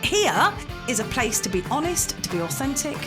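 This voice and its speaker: A woman's voice: high-pitched, sing-song, moderate pace, loud music behind the voice. A woman co-hosting a podcast, playful and giggly in casual chat. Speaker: podcast co-host.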